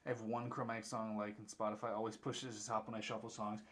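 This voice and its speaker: A man's voice: on the low side, flat delivery, fast talker, fairly bright tone. A young man with an upstate New York accent, chatting casually on a stream and answering his chat in a rambling way. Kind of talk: casual chat while painting miniatures.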